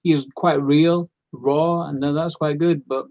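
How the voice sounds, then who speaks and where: A man's voice: on the high side, steady tone, measured pace, a little mellow. A tired man giving a rambling, opinionated casual recap as host, full of fillers and restarts.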